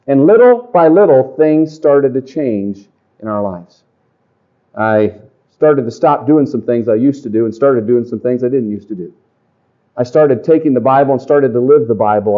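A middle-aged man preaching a testimony sermon to a congregation, folksy and animated in his storytelling. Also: a little high. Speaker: pastor. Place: church or camp meeting. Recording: dull lo-fi live recording.

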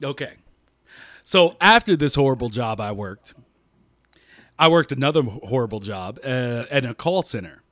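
A man telling funny stories in a casual, animated way, laughing often and dropping his voice low and calm when he quotes himself. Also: normal speed, long pauses, no echo, studio quality. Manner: uses "y'all" and slang. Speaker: podcast guest storyteller. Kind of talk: casual storytelling.

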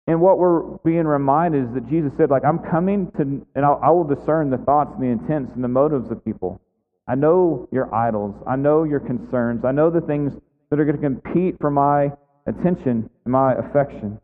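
A pastor with a slightly high voice preaches at a normal speed in a conversational style, peppering his sermon with casual fillers like "like" and "right." The recording sounds tinny, almost phone-like, in an echoey hall.

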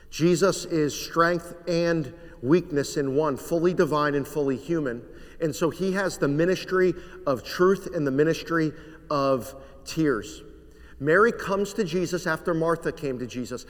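A man preaching a sermon, earnest and measured, letting his voice sink to a quiet hush on the weightier lines. His voice sits a little high for a man. A long reverb trails every phrase, as in a large sanctuary. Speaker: pastor.

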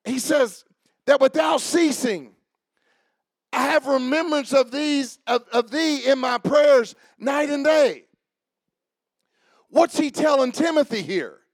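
Gravelly high-voiced preaching man. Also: slow, long pauses, no echo. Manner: builds from quiet talk to shouted preaching; calls on church members by name. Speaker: pastor. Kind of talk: sermon. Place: church.

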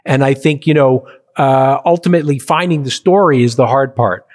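A man's voice: medium pitch, moderate pace. A middle-aged man, a filmmaker and interview guest, talking casually and telling stories with lots of fillers. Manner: animated storyteller, acts out quotes. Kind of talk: conversational interview.

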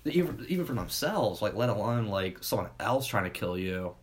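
A young man chatting casually in a slangy, laid-back way, swearing freely. His voice sits on the low side. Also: sing-song, moderate pace, slight background noise. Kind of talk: casual chat.

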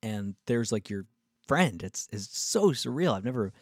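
A male musician vlogger telling a casual story in a rambling, excitable way, full of fillers and restarts. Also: medium pitch, measured pace, no echo, clean studio sound.

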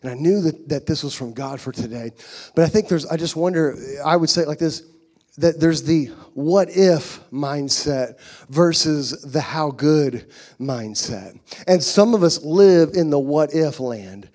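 A middle-aged man preaches a sermon from the pulpit of a church. His voice sits a little high for a man. He drops into hushed, intimate stretches and then climbs into loud, fervent shouting. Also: a little slow. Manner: swings from hushed to shouting with rising fervor. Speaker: pastor. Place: church sanctuary.

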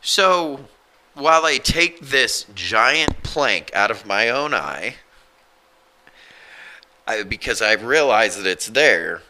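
A man's voice: mid-range voice, lively intonation, slow pace, long pauses, pushed and bright. A man in his forties talking casually and earnestly about his faith, blunt and self-deprecating. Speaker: co-host. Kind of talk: casual Christian podcast chat.

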